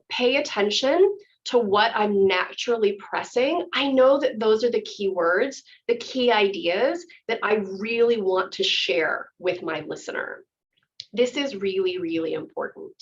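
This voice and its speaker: Enthusiastic woman teaching acting, lo-fi. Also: a little high. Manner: enthusiastic, chatty, explanatory. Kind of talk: workshop instruction. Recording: dull lo-fi audio.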